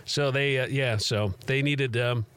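A man from Chicago hosting a sports radio show, telling stories in an animated, laughing way. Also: mid-range voice, measured pace, clean tone, no room sound. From Chicago, USA. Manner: animated storyteller, laughs easily. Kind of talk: casual radio chat.

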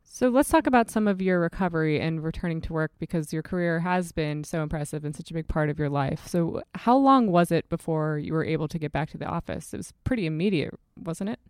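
A woman's voice: low-pitched, a little fast, few pauses, a little mellow, clean tone, no echo, studio quality. A woman interviewer asking questions in an attentive, conversational way.

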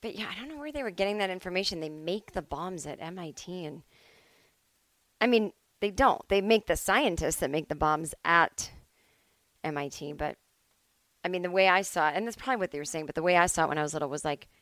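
A woman's voice: fairly low pitch, animated, a little fast, fairly bright tone, dry recording. A woman in her forties from Massachusetts, hosting a solo comedy podcast from home, rambling and self-deprecating with lots of "like" and "I don't know". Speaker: podcast host.

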